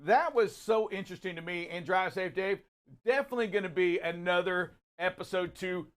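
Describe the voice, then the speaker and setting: A man hosting a live talk show, giving energetic, preachy encouragement. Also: high voice, a little fast. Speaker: show host.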